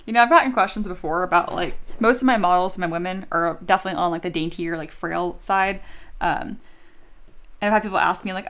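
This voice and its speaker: A woman's voice: lowish voice, a little fast, fairly bright tone. A woman teaching 3D sculpting on a live stream, chatty and self-deprecating, laughing often and reading viewer comments aloud. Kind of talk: casual live-stream tutorial.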